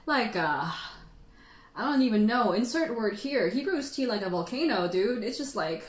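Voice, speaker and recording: A chatty woman hosts a casual livestream, rambling freely and laughing often. Her voice sits at a middle pitch and rings with a roomy echo. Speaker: tea livestream host.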